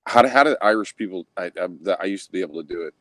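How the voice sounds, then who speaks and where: A man chatting as a guest on a live panel, halting and tripping over his own words. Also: low voice, fairly bright tone, dry recording. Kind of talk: casual chat.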